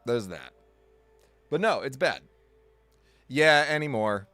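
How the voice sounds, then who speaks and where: A man in a casual live-stream chat at his desk, with a voice of ordinary middle pitch. He rambles, backtracks and corrects himself mid-sentence, and he jokes at his own expense. Quiet music plays faintly under his voice. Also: very animated, takes it slowly. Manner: rambling and self-correcting, with frequent restarts; jokey, self-deprecating and exaggerating. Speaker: game streamer.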